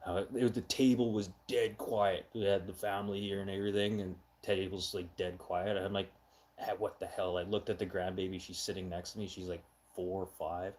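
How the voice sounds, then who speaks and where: A middle-aged man hosting a casual live chat, talking loudly and with heavy emphasis, getting excitable when he has an opinion. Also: deep voice, moderate pace. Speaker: live stream host.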